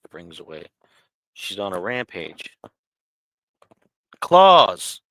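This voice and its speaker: A man's voice: sits low, animated, unhurried, sharp tone, dry recording. A man hosting a casual live question stream from home, chatting and talking to his cat. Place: home, on a couch.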